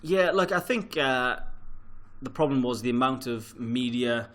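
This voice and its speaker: A man's voice: medium pitch, expressive, unhurried, a bit bright. A man co-hosting a sports show, talking casually and correcting himself as he goes. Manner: rambling, self-correcting. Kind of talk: casual podcast chat.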